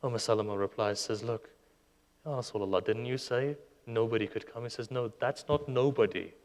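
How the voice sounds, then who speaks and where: A man preaching a sermon, retelling stories with passion, his voice surging loud and then dropping soft. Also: medium pitch, normal speed. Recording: long hall reverb.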